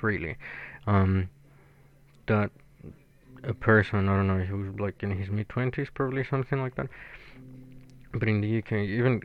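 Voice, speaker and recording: A man, a native Spanish speaker, with a slightly low voice, tells a rambling story in an easygoing way. He swears freely and pads his sentences with "um" and "like." The recording sounds dull and lo-fi. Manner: rambling, profane, lots of fillers. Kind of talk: casual storytelling monologue.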